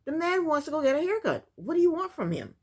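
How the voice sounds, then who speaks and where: Sassy woman with a lively voice. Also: sits high, fast talker. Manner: blunt, sassy, exasperated. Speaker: reality TV recap YouTuber. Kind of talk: casual commentary.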